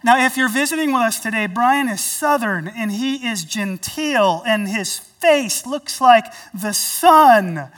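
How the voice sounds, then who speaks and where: A woman's voice: on the high side, expressive, slow pace, hardly any pauses, a bit bright, recorded from a distance. Woman pastor preaching, mic set back. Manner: storytelling with dramatic swings in volume. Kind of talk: sermon.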